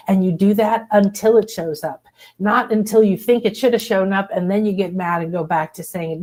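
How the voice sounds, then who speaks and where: A woman hosting a spiritual workshop, talking in a casual, enthusiastic, expressive way and acting out little voices as she teaches. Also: mid-range voice, moderate pace. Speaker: host leading a spiritual workshop.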